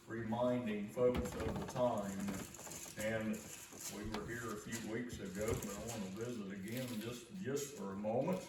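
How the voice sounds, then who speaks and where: A man's voice: medium pitch, fairly even intonation, unhurried, background noise. A man preaching a sermon as pastor, reading scripture with earnest, rising emphasis. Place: church sanctuary. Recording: echoey church recorded from far off.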